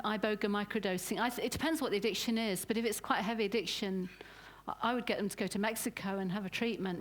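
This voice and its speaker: A woman, the guest speaker, answering audience questions in an earnest, conversational way. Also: mid-range voice. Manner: thoughtful, earnest, with many backchannel mm's.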